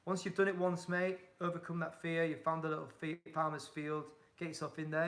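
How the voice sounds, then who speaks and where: Casting: young yorkshire guy, hull accent, a bit high-voiced with some fry, friendly livestream chatter. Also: completely flat delivery, fairly quick, few pauses, fairly bright tone. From England. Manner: chatty, reads out viewer comments, upbeat and encouraging. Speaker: touring cyclist answering live chat. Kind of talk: casual livestream chat.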